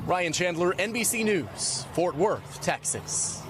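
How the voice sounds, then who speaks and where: Animated man narrating a news report. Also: sits high, slow, a crowd in the background. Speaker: news correspondent.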